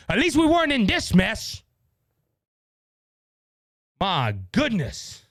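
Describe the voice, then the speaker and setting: Big pitch swings mark this man's extremely high voice as he hosts his podcast, speaking at a measured pace in a Louisiana Cajun accent. His political commentary is angry and heated, full of yelling and repetition. There's no room sound.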